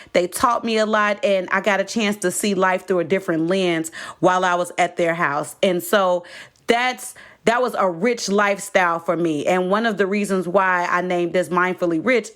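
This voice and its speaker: Woman podcast host telling a story. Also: mid-range voice. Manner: animated, addresses listeners as y'all, laughs while telling. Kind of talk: casual storytelling monologue.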